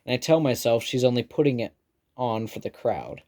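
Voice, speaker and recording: A man's voice: medium pitch, lively intonation, normal speed, a little mellow. Man narrating an audiobook. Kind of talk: scripted first-person narration.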